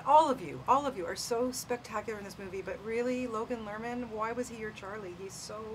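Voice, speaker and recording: A woman interviewer asking questions with effusive, drawn-out praise. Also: a little high, slight background noise, rough recording. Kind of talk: press-junket interview.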